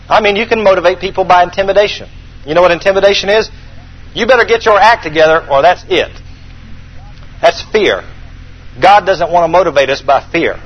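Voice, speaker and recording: A man's voice: sits high, husky, dull audio. A man preaching a sermon as pastor, emphatic and repeating his key points for the congregation to write down.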